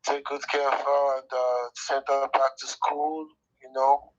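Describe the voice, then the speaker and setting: A man's voice: mid-range voice, flat delivery. Guy on a phone call, lots of uhs, stops and starts, tinny sound. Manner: hesitant, many uhs, rushed bursts. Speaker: caller.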